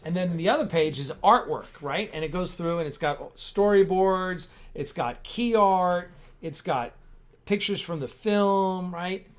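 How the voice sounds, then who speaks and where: Male livestream host, slightly high voice, rambling and excited, casual chat. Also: a little slow. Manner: rambling, enthusiastic, lots of restarts. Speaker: host of a fan-film livestream.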